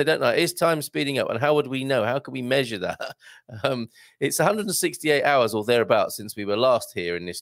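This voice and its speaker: A man's voice: medium pitch, creaky, no echo, clean studio sound. A man hosting a live online show, chatting casually, reading out comments and tagging on questions. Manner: chatty, jokey, with tag questions.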